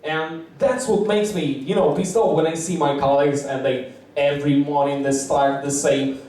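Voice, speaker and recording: A man doing open-mic stand-up comedy, rambling and profane, acting out quotes in high squeaky voices, in a language not his own. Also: steady tone, normal speed, darkish tone. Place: small comedy bar. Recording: echoey room from far off.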